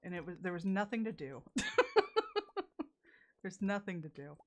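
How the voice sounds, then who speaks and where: A woman's voice: lowish voice, normal speed, a little mellow. A young woman from the American South chatting casually with her stream chat while playing a game, laughing often and swearing freely. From Southern United States.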